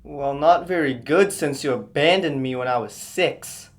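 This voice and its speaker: A man's voice: fairly high pitch, measured pace, close to an everyday voice. An actor playing an awkward, overly literal young man with a stilted way of talking. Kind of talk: indie comedy film acting.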